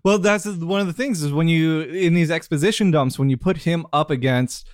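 Analytical man hedging with "sort of". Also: a little high. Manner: measured, analytical, hedges with "sort of". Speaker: podcast guest. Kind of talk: casual chat.

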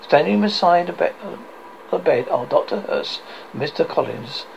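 A man's voice: on the high side, animated, normal speed, creaky, lo-fi sound, slight background noise. A man reading a screenplay aloud, reading the stage directions plainly with slips and restarts. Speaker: script reader.

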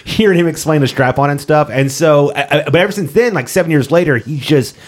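A man's voice: fairly high pitch, a little fast. A man co-hosting a casual podcast, talking through shows and movies with many fillers and restarts. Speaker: podcast co-host.

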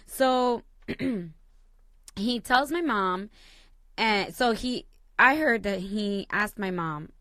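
A young woman co-hosts a casual chat, telling stories with lively energy and cursing freely. Her voice sits in a middle register. The sound is dry and close, with no room echo. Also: medium pitch, slow, pauses often. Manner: animated storyteller, swears freely. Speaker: co-host.

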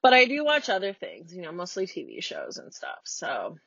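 A woman's voice: lowish voice, wildly swooping pitch, moderate pace, creaky, fairly bright tone, no room sound. Forties American woman podcaster, blunt and sweary, recorded dry and a bit muffled in her car. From United States. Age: 40s. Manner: blunt, swearing, heated and sarcastic. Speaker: podcast host. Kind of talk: casual solo rant. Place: parked car.

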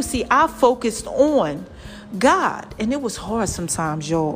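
Over soft background music, a woman vlogger talks to her viewers in a mid-range, sing-song voice at a measured pace. She's casual and animated, calling them y'all and child while sharing a health testimony in a preachy tone.

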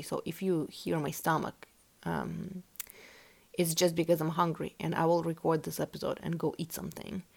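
Woman podcast host, non-native English speaker, lowish voice, unhurried tarot-reading monologue. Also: creaky, a little mellow. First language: not English. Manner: earnest, musing, full of "like" and "you know". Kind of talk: casual spiritual podcast monologue.

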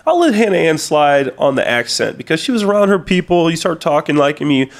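A man chatting casually on a podcast in a relaxed, agreeable way. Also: a little high, a little fast. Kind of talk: casual chat.

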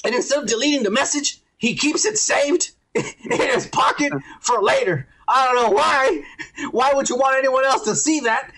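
A man co-hosting a podcast, ranting profanely in casual chat and acting out scenes in quick quoted voices. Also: very high voice, animated, fairly bright tone. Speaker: podcast co-host.

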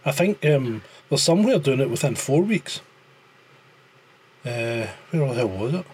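A man's voice: mid-range voice, lively intonation, unhurried, a little mellow, slight background noise. A Scottish man in casual podcast chat, blunt and sweary, with a joking edge. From Scotland. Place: living in France.

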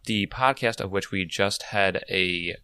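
Male podcast co-host, low pitch, sharp bright tone, upbeat chatty delivery, dry close mic. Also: unhurried, smooth, dry recording. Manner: upbeat, laughs easily. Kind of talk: casual podcast chat.

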